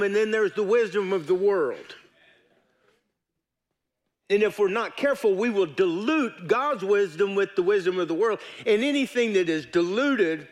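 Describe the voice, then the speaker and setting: A man preaching a sermon in church, folksy and joking but earnest. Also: high voice. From United States. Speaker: pastor.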